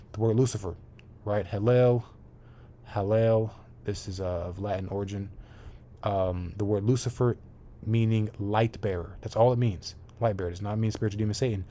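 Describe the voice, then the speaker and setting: A man's voice: fairly low pitch, warm tone, slight background noise. A man teaching scripture online, reading verses aloud and often checking in with "right?" while restarting his phrases. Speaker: bible teacher.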